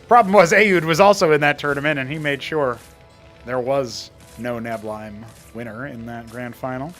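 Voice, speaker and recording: A man casting a live strategy-game tournament, chatty and prone to rambling asides, getting excitable in fights. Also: mid-range voice, moderate pace, faint music behind. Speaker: esports caster. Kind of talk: live tournament play-by-play commentary.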